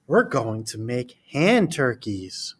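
A man voicing a kindly female schoolteacher who gently instructs her class on a field trip. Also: mid-range voice, sing-song, slow pace, breathy edge, voice pushed down, heavily acted. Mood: cheerful.

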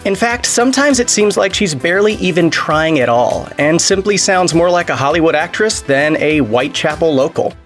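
A man's voice: a little high, lively intonation, moderate pace, few pauses, a bit bright, soft background music. A man narrating a scripted video in a wry, sardonic tone.

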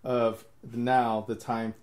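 A man's voice: mid-range voice, flat delivery, slow, a little mellow. A man hosting a podcast, rambling through his ideas in casual chat, laughing often and swearing freely. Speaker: podcast host.

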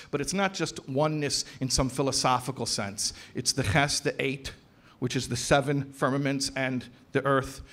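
A man speaking as a rabbi at an educators' convention, lecturing with emphasis, repeating phrases for stress and slowing down on key words. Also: mid-range voice, fairly bright tone. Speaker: rabbi giving a talk to educators. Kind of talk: conference lecture. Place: convention hall.

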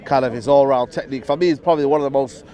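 A man's voice: mid-range voice, very fast. A man, a football fan, giving a passionate, emphatic post-match reaction outdoors, repeating himself and swearing. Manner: passionate and emphatic, repeats "absolutely" and "you know what I mean", swears. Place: outdoors near a stadium. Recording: loud street noise outdoors.

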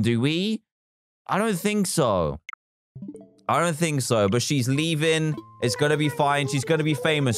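A man's voice: a little high, animated, a little slow, no echo, faint music behind. A man hosting a live game stream in a playful, chatty manner, thanking viewers as he plays. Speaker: livestream host.

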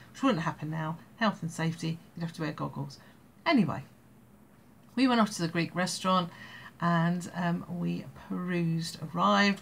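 Chatty, gravelly English woman in her sixties. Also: fairly low pitch, a little hiss or hum. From England. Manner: chatty and digressive, laughing between phrases. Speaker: storyteller vlogger. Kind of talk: casual spoken anecdote.

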